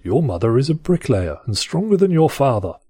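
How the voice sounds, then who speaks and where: A man putting on a posh voice to recite playground insults in a slow, haughty way. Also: mid-range voice, big pitch swings, mellow, slightly rough, no echo, clean studio sound, pitched above the performer's own voice.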